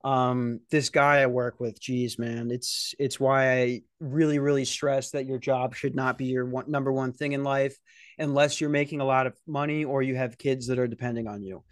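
Young man, podcast host, casual rambling storytelling, profane, mid pitch, dry close sound. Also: fairly even intonation, normal speed, no echo. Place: security office at night.

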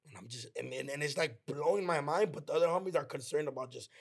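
Gravelly man telling a story. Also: on the high side. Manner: slangy and heartfelt, acts out friends' lines in quick quoted bursts. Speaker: podcast co-host. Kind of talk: casual storytelling chat.

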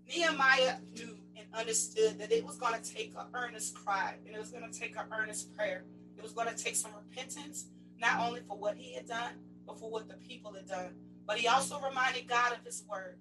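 A woman's voice: a little high, steady tone, a little fast, music in the background, rough recording. A woman sports chaplain preaching a fervent sermon, reading scripture aloud and swelling and dropping in volume.

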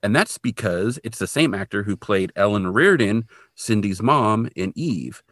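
A man co-hosting a podcast, recapping an episode in casual, animated storytelling full of "like". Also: lowish voice, unhurried, dry recording, studio quality. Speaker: podcast co-host.

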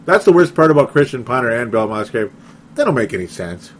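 A man's voice: mid-range voice, expressive, brisk, a little hiss or hum. A man hosting a casual sports talk show, reading listener comments and chatting in a self-deprecating way with frequent laughs.

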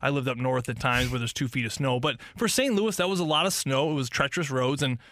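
A man, a former hockey player, talking hockey in casual, animated chat and telling stories with excitement. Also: medium pitch, quick pace, dry recording, clean studio sound. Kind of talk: casual sports talk.

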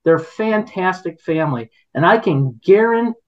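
A man's voice: sits high, lively intonation, normal speed. A middle-aged man telling a story on a podcast in a rambling, indignant way, with many restarts. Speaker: podcast guest. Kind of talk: casual conversational storytelling. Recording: dull lo-fi podcast audio.

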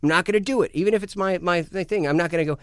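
A man's voice: high voice, rapid-fire, dry recording. American guy ranting in casual chat, lots of swearing, super dry mic. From United States. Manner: animated, profane, ranting with put-on quotes. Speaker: guest musician.

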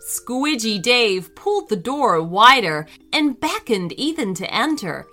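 A woman reads a children's story aloud, slow and deliberate, with a bright, clear tone. Her pitch sits a little high and moves a lot, full of lively expression, with soft music faint behind her. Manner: gentle, expressive, unhurried reading.

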